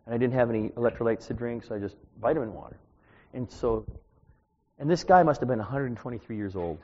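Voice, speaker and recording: A man in his sixties with a slightly mellow mid-range voice preaches a conversational, self-deprecating sermon from a church pulpit, sharing personal stories and tossing chatty asides to the congregation. The recording is dull and echoey.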